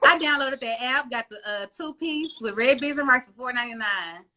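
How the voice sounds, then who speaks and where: Woman, podcast guest, bright, animated storytelling. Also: high-pitched, a little fast, slight background noise. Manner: animated storytelling, slangy and playful. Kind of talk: casual chat.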